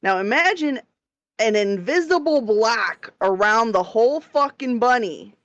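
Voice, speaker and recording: A woman co-hosting a podcast, telling a story in an animated way, swearing and laughing as she goes. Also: fairly high pitch, unhurried, no echo. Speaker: podcast co-host. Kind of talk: casual chat. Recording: dull lo-fi dry sound.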